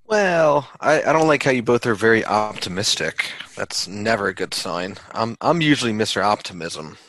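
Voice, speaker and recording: A man's voice: lowish voice, animated, normal speed, fairly bright tone, no room sound, rough recording. A man who produces the show and joins in the comedy banter, blunt and grumbling.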